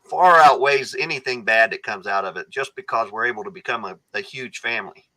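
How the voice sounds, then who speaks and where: A man's voice: medium pitch, a little fast, pushed and bright, low-quality recording. A man speaking as a guest on a podcast, an earnest storyteller who often restarts his sentences. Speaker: guest, foundation founder. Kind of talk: casual podcast conversation.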